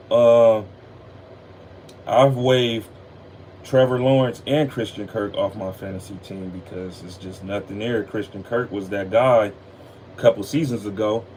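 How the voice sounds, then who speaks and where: A man's voice: lowish voice, a little mellow. A man hosting a casual football talk show, laid-back and tired, loose and profane, with a faint air conditioning hum behind him. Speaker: sports podcast host.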